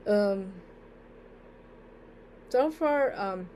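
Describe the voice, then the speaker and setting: A young woman rambles through a casual vlog, sounding sleepy and a little worn out. Her pitch sits at an ordinary middle height, and she fills pauses freely and trails off. A faint noise hums under the recording. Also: expressive, dark tone. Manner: rambling, with many fillers and trailing "so yeah". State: sleepy and tired. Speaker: vlogger.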